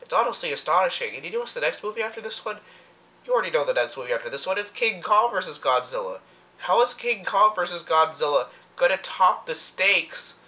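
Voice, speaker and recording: A young man rambling excitedly through a casual movie fan commentary, full of fillers and asides. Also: sits high, fairly quick. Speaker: movie review vlogger.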